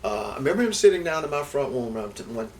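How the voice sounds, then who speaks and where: An older man, a former baseball player, telling stories from his life in an interview. He talks in a rambling way, repeating words and restarting, and grows lively as he recalls events. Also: medium pitch, fast talker. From Houston, Texas. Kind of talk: reminiscing storytelling in an interview. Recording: distant mic with faint background noise.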